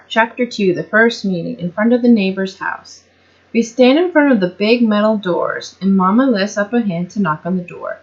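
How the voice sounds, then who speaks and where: A woman's voice: medium pitch, lo-fi sound. Woman reading a story aloud. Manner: casual, self-correcting asides.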